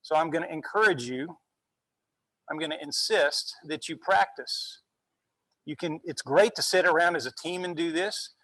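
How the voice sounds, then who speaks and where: A male university instructor giving a relaxed classroom lecture, often checking in with "okay?" as he goes. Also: on the high side, normal speed, dry recording, rough recording. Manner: conversational, frequent "okay?" check-ins.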